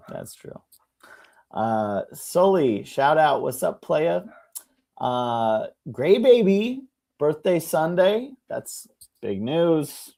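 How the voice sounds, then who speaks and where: A young man co-hosting a casual chat show, an animated storyteller who acts out the people in his stories. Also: a little high, very slow, gravelly. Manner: animated storyteller, mimics people with shouts and laughs. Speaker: podcast co-host.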